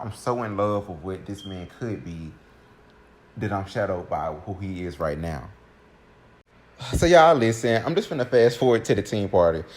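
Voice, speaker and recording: A young man with a fairly low voice tells a personal story to his viewers. He is animated and chatty and keeps turning to speak straight to his audience. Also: slight background noise. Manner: animated, keeps addressing listeners directly. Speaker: storytime vlogger.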